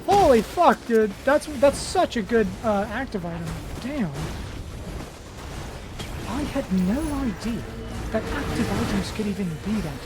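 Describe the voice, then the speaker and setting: A man's voice: sits high, very animated, unhurried, over music. A tired male streamer chatting casually while gaming, joking and scattered. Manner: joking, scattered, laughs often. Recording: loud noise over voice.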